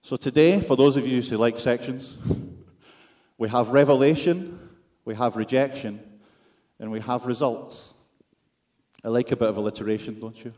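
A man's voice: mid-range voice, moderate pace, darkish tone. A man with a Scottish accent preaching a sermon, with wry, self-deprecating humor and rhetorical questions to the congregation.

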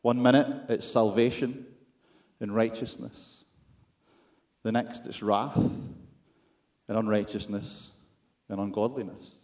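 A man's voice: on the low side, fairly even intonation, slow pace, darkish tone. Scottish guy giving a sermon, dry jokes at his own expense, keeps asking the room questions. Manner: wry, self-deprecating humor with rhetorical questions. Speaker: preacher.

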